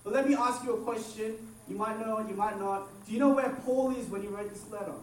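High-voiced man preaching in an echoey hall. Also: fast. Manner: animated, acts out quotes, swings from loud to hushed. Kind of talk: sermon. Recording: echoey room, mic at a distance, faint background noise.

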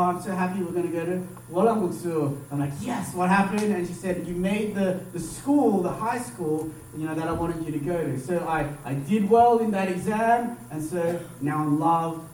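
A young man gives a conversational sermon, his voice pitched high for a man. He keeps checking in with the room as he talks. The sound carries the ring of a reverberant hall, picked up from a distance. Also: a little hiss or hum. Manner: conversational, repeats "right?" to the congregation. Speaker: pastor. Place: church hall. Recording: echoey hall, voice from far off.

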